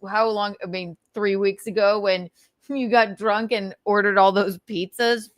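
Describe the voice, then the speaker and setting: A woman's voice: mid-range voice, fairly even intonation, measured pace, no room sound, studio quality. Giggly woman reading out donations. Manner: chatty and giggly, reads donor names aloud. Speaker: livestream co-host reading donations. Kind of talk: casual chat.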